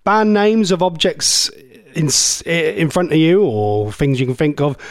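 A man's voice: on the high side, measured pace. A man, hosting a radio show in a jokey, chatty way and slipping into silly impressions. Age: 40s. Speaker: radio presenter. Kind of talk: casual radio chat.

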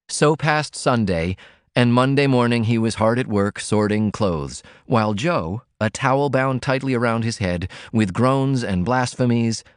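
Low-voiced male audiobook narrator. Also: smooth, no echo, studio quality.

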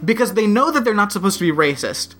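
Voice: mid-range voice, big pitch swings, fast, a bit bright. A co-host in a casual chat who talks thoughtfully, often trailing off and restarting.

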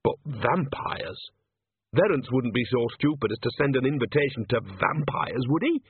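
A man's voice: medium pitch, sing-song, normal speed, husky, no room sound, phone-quality sound. A man voicing a blunt, cheeky old village witch with a teasing, homely way of talking.

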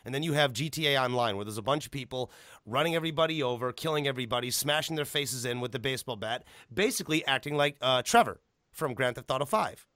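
A man hosting a casual chat, ranting animatedly with a lot of swearing, and jumping to high pitch when he stresses a point. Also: animated, fast talker, sharp tone, no room sound, studio quality.

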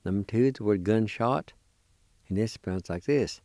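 A man gives a radio language lesson, spelling out words letter by letter and repeating syllables with patience. His voice is low, warm and smooth. He talks very slowly, and the studio sound is dry and close. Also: no room sound. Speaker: language teacher and radio host. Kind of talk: slow spelling and pronunciation lesson.

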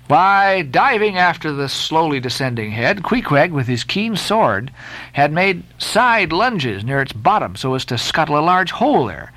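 A man reading a classic novel aloud as a narrator, dramatic and expressive. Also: on the high side, a little slow, no room sound. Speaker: audiobook narrator.

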